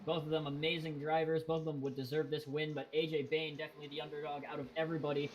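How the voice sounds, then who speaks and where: A male sim racing commentator with a fairly high-pitched voice. He talks casually, rambling with fillers and self-corrections. A faint hiss sits behind his voice. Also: little pitch movement, racing, rough recording. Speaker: race commentator.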